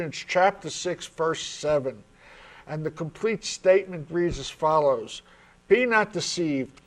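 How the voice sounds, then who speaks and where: Earnest New York talk show host. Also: male voice, fairly high pitch. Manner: friendly, chatty and earnest.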